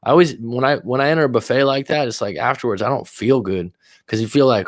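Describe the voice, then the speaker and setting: A man's voice: mid-range voice, fast talker, no room sound, clean studio sound. Profane, chatty male livestream coach. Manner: loose, profane, chatty, reacting to comments. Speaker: life coach hosting a livestream. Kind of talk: casual livestream chat reading viewer comments.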